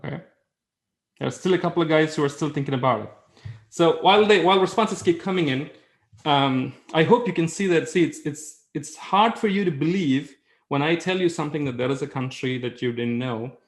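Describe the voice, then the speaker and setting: Gravelly man presenting a webinar. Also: on the high side, a little fast. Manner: conversational, with many fillers and rhetorical questions.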